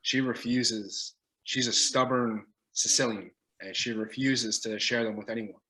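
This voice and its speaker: Long Island guest cook, bright, forward voice, easygoing talker. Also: male voice, medium pitch, fairly even intonation, unhurried, poor audio. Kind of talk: casual chat.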